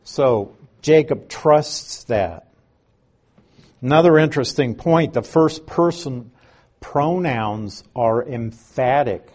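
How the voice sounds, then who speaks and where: A man giving a Bible lesson in an unhurried, explanatory way, reading scripture aloud and stressing key words, with a few dry asides. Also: mid-range voice, animated, a little mellow. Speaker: Bible teacher. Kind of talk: Bible teaching.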